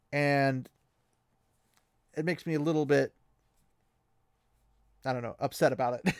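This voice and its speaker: A man hosts a casual book podcast, animated and playful, laughing between points. His voice sits a touch high. The sound is dry and close-miked. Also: no room sound. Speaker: podcast host.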